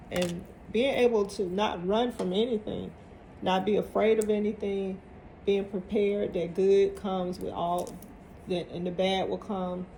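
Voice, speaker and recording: A woman's voice: mid-range voice, warm tone, a little hiss or hum. A woman giving a casual tarot reading to viewers, emphatic and motivational, often repeating her phrases. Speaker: tarot reader.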